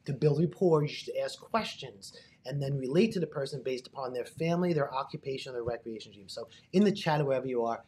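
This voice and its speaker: A man's voice: mid-range voice, fast, hardly any pauses. A man as a guest expert, casually teaching on a live talk show and acting out phone conversations. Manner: animated, acts out phone voices.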